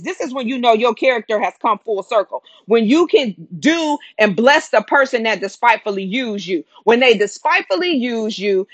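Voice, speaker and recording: A woman's voice: a little high, dry recording. A woman preaching a sermon in an earnest, conversational way, asking rhetorical questions.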